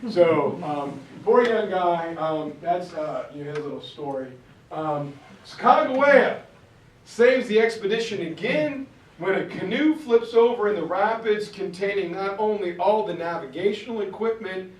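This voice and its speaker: A man telling history as an animated story, slipping into quick character voices and casual slang. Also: high-pitched, reverberant, far from the mic, poor audio. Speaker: speaker giving a history talk.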